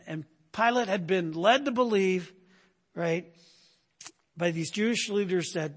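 Guy preaching a sermon, kinda high voice, chatty, says "right?" all the time. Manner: conversational, keeps asking "right?"; acts out quoted speakers in raised voice. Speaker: pastor.

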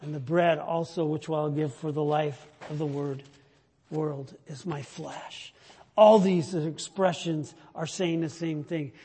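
A man preaching a sermon, slow and emphatic, rising to loud declarations and sinking to near-whispers. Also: on the high side, vocal fry, slightly rough. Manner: slow, emphatic preaching that swells loud then drops to a hush. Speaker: pastor. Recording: long hall reverb.

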